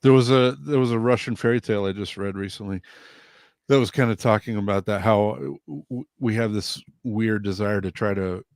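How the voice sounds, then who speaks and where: A man's voice: fairly even intonation, moderate pace, a little mellow, clear, resonant tone, no echo, clean studio sound. A man in a casual video-call group chat, rambling as he retells a folk tale with many restarts. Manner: rambling storyteller, many restarts, voices each animal higher.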